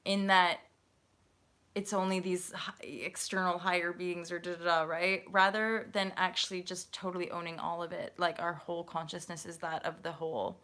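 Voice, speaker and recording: Bright-voiced Canadian woman musing spiritually. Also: on the low side, fairly even intonation, normal speed, few pauses. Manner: dreamy, rambling, spiritual musings. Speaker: host. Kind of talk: casual livestream chat.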